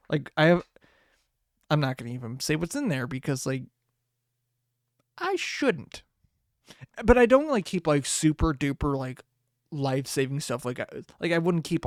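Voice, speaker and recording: A man hosting a casual solo podcast, rambling, swearing and laughing often, with sudden jumps in pitch. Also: dry recording, clean studio sound. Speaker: podcast host.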